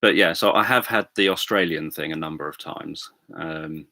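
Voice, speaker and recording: Man, deep voice, bright forward tone, casual livestream chat. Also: dry recording. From England. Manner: rambling, halting, with many ums and self-corrections. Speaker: livestream host.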